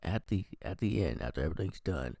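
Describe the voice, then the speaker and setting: Gravelly guy doing a sweary movie review vlog, pitch all over the place, dry close sound. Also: fairly quick, no room sound. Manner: profane, animated, acts out characters' lines.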